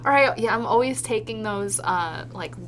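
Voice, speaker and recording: A woman's voice: on the high side, expressive, normal speed, slight background noise. A woman co-hosting a podcast in casual chat, chiming in and finishing her co-host's sentences. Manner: chimes in, laughs along, finishes the other host's sentences. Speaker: podcast co-host.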